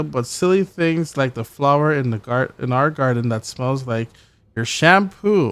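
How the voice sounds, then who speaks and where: A man playing a story game, reading in-game letters aloud in a halting way, with stumbles, restarts and wry swearing asides. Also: a little high, no room sound. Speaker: gameplay streamer.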